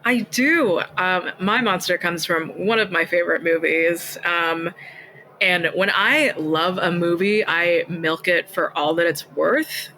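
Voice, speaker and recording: A young man co-hosting a comedy podcast, rambling and hesitant, quick to laugh. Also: sits high, pushed and bright, a little hiss or hum, poor audio. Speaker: podcast co-host. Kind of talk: casual comedic chat.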